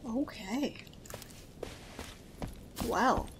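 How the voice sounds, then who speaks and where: A young woman commenting on her gameplay, chatty, easily startled and quick to swear. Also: on the high side, lively intonation, heavy background noise. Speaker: gaming host. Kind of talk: let's play commentary.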